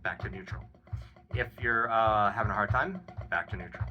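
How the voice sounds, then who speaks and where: A man with a fairly low voice walks through a drum exercise, counting out beats and coaching in an easygoing, encouraging manner. A drum kit plays loudly behind him in the studio. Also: normal speed, highs cut off, music in the background. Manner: counts beats aloud, relaxed and encouraging with fillers. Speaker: drum teacher. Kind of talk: casual drum lesson explanation. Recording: loud drum playing behind the voice. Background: drum kit playing.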